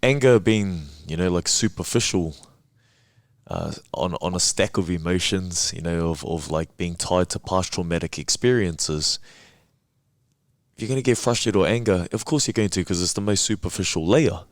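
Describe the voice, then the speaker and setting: A man guest on a casual podcast, laid-back and reflective, laughing often and slowing down on key words. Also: low voice, dry recording, studio quality. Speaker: podcast guest, men's work facilitator.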